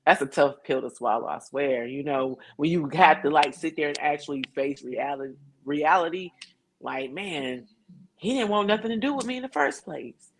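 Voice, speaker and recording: A woman's voice: low voice, lively intonation, moderate pace, slight background noise. A woman appearing as a guest on a casual podcast, talking in an emphatic, relatable way and laughing easily.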